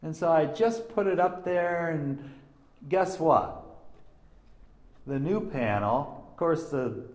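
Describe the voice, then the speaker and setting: A man gives an informal sermon, drawing on a story from his own day. He talks slowly in a slightly high voice, swinging from loud emphasis to near-hushed lines and restarting his sentences. The sound is roomy and echoey. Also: animated. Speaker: Bible teacher.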